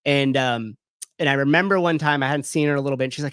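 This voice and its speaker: A man's voice: medium pitch, very fast, a bit bright, no room sound, studio quality. A man in his thirties, a gym owner, telling a personal story in a loose, candid way, full of fillers and swearing. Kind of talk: casual storytelling.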